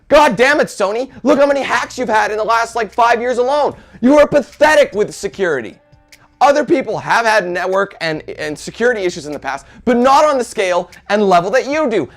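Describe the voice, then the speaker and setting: A young man ranting angrily to camera as a gaming video creator, heated and swearing constantly, with loud outbursts. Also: high-pitched. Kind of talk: angry rant to camera.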